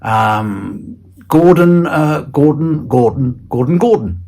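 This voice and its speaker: A man's voice: a little high, expressive, slow pace, gravelly, dark tone. A British man as an interview guest, chatting casually in a playful, rambling way with stammered restarts. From Britain. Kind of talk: casual chat.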